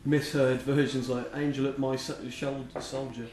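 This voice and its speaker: A man's voice: mid-range voice, level tone, moderate pace, a little mellow, a little hiss or hum. A young man from England giving casual, jokey commentary on his band's album, swearing and laughing often. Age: young adult. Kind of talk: casual chat. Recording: echoey room with music behind.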